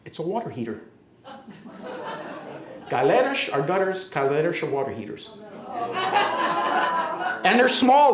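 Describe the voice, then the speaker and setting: An American man telling a humorous story live to an audience, in a conversational, animated way, often checking in with his listeners. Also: high voice. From United States. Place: storytelling center, indoor stage. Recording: roomy echo of a hall.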